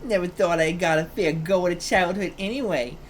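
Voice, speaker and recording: A man's voice: sits high, normal speed, slight background noise, lightly acted. A man voicing a wry shapeshifter who is stuck in a small child's body, reading it aloud from a comic.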